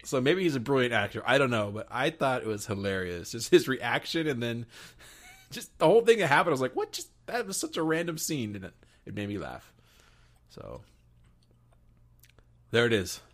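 A man's voice: mid-range voice, very animated, moderate pace, long pauses. A man co-hosting a podcast, giggling and hesitating as he chats about a movie. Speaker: podcast co-host. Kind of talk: casual movie-review chat.

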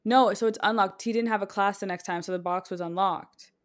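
A young woman co-hosting a casual podcast, telling a rambling school story with quick bursts of speech and frequent laughs. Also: mid-range voice, fairly even intonation. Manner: chatty storytelling, laughs often, speeds up in bursts. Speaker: podcast co-host. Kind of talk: casual chat.

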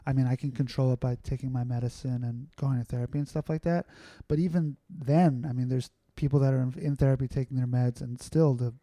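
A man chatting as a podcast guest, telling stories in a loose, rambling way full of fillers and restarts. His voice is very dark and mellow at a middling pitch. The sound is dry and close, with no room around it. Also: fairly even intonation, brisk, few pauses, no room sound. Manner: rambling, filler-heavy, candid. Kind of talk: casual conversational storytelling.

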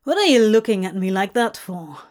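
A woman doing a gruff, scornful demon man. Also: medium pitch, very animated, close to an everyday voice. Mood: defensive. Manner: growling, swearing, slow spat words.

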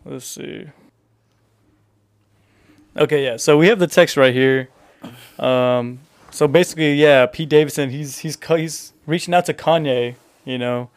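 A podcast co-host with a slightly high, clear, resonant voice speaks unhurriedly, leaving long pauses. In a laid-back casual chat, he swears and reads texts aloud.

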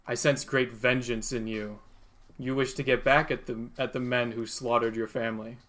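A man's voice: medium pitch, fairly even intonation, normal speed, a bit bright, natural voice. A man doing a huge horned Satan. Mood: solemn. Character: huge horned male Satan, ruler of hell.

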